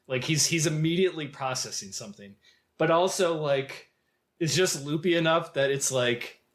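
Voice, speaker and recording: A man's voice: medium pitch, fairly bright tone. A man co-hosting a film podcast, talking in a thoughtful, hesitant way with many fillers. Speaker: podcast co-host. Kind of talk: casual film discussion.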